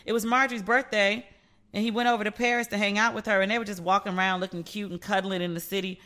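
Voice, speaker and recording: A woman's voice: medium pitch, level tone, quick pace, bright, forceful tone. A woman hosting a casual solo podcast, telling stories in a playful, chatty way and acting out the voices of the people she quotes. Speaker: podcast host.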